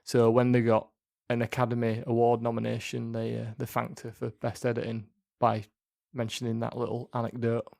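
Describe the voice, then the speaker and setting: Brief: young male podcast host, chatty and giggly, trivia-sharing, mid-pitched. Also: monotone, a little fast, creaky, hardly any pauses, darkish tone. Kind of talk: casual chat.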